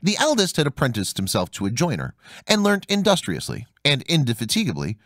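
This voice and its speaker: A man narrating a fairy tale audiobook in an expressive storytelling manner. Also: mid-range voice, brisk, no room sound, studio quality. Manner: expressive storytelling, voicing each character.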